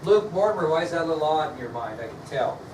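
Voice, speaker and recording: High-voiced male teacher in an echoey classroom. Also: lively intonation, darkish tone, slight background noise. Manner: questions students, spells words out slowly. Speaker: history teacher. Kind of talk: classroom lecture. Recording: echoey classroom, mic far off, faint ambience.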